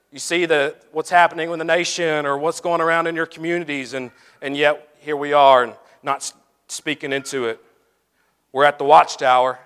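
A man preaching a sermon and closing in prayer, telling stories animatedly, swinging from loud to hushed. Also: fairly high pitch. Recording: long hall reverb.

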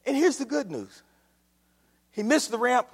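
A man preaching a sermon, telling a story dramatically and swinging between hushed asides and emphatic lines. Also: very high-pitched, very animated, measured pace, creaky, breathy edge, big-room sound.

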